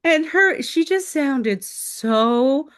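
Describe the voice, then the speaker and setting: Animated woman telling a swim story. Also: sits high, extremely slow. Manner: lively storyteller, acts out quoted dialogue, frequent fillers. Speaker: guest, open water swimming crew member. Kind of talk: storytelling in a podcast interview.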